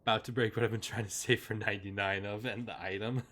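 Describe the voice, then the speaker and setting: A man's voice: on the low side, steady tone, fast talker, a bit bright. A young man chatting casually on a live game stream at his desk at home, rambling with lots of fillers and talking sweetly to his dogs.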